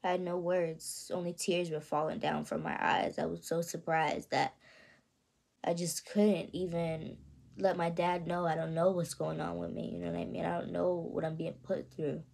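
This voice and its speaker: An 18-year-old woman telling her own story in a vlog, soft and halting, often stopping to ask "you know what I mean". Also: on the low side, level tone, creaky. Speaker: vlogger. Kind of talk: confessional personal storytelling.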